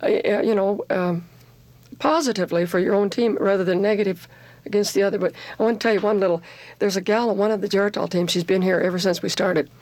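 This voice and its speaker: A woman who coaches softball, chatting on the radio and telling lively stories. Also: medium pitch, quick pace, dry recording. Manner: lively storyteller who mimics people. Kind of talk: casual radio talk.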